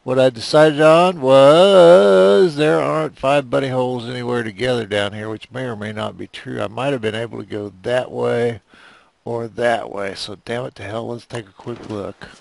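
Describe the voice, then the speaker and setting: A man casually commentates a let's play as he games, rambling, self-deprecating and often muttering to himself. His mid-range voice is steady, creaky and darkish, at normal speed, with no echo.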